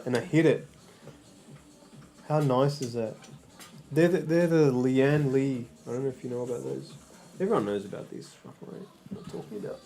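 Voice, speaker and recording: A man's voice: fairly high pitch, a little mellow. A man livestreaming in casual chat, rambling and swearing, often stammering and restarting his sentences.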